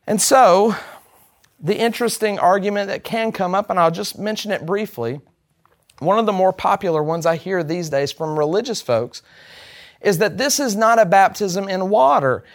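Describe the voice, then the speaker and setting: A man teaching a Bible class, speaking emphatically and putting rhetorical questions to the group. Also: sits high.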